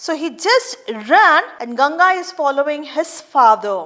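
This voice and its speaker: A young woman with an Indian English accent teaching an online class on a play. She talks slowly, repeating each line before explaining it. Her voice sits high and moves a lot. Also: sing-song, bright, forceful tone. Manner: slow, explanatory, repeats lines to explain them.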